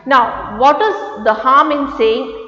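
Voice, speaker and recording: High-voiced teacher with a Malayalam accent. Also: female voice, slow pace, pushed and bright, lo-fi sound. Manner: patient, repeats words for children to echo. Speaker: Hindi teacher. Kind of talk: online lesson for young children. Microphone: online class recording.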